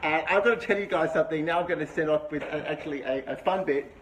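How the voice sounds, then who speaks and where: A middle-aged man hosts a livestream, talking in a chatty, upbeat way and calling out viewers by name. His voice sits a little on the high side. Steady noise from the phone recording runs underneath. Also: fast. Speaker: livestream host. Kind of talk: live-streamed vlog chat. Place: indoor room with a window view. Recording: noisy livestream audio.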